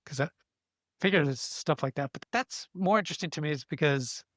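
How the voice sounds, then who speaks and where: A man's voice: fairly high pitch, brisk, slight background noise. A middle-aged man hosts a casual interview, chatty and encouraging, rambling with restarts. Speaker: podcast host.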